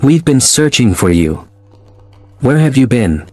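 A man's voice: mid-range voice, sing-song, measured pace, a little mellow, no echo. A man voicing an anxious, cautious male villager in a horror audio story, asking urgent questions. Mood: worried.

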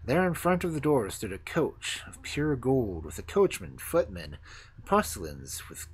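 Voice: mid-range voice, big pitch swings, measured pace, a little hiss or hum. A storyteller reading fairy tales aloud on a livestream, switching into voices for the characters.

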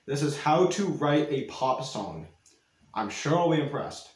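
A man's voice: a little high, lively intonation, unhurried, echoey room. A young man giving reaction commentary on his own old video, mocking himself and laughing at it. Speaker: YouTuber.

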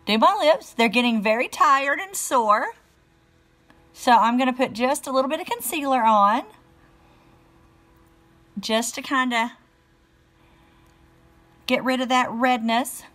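A woman's voice: sits high, expressive, a little slow, pauses often, fairly bright tone. A middle-aged woman with a Southern American accent, chatting casually on a beauty live stream and greeting viewers by name. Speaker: beauty vlogger live-streaming lipstick swatches.

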